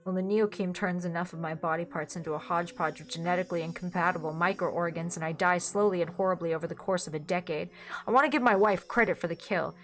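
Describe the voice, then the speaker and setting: Woman reading a dark comic tale. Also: fairly low pitch, quick pace. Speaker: story reader. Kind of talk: dark comedic story reading.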